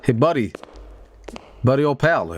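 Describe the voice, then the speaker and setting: A man's voice: medium pitch, very animated, a little slow, a little hiss or hum. Joking man streaming a game. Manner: joking, rambling asides. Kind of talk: casual gameplay commentary.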